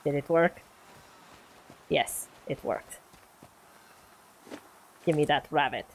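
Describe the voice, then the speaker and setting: A woman putting on a gruff mock-Russian accent. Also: low-pitched, takes it slowly, a little hiss or hum. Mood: mock menace. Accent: put-on Russian. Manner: clipped broken grammar, mock menace. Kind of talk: joking game commentary.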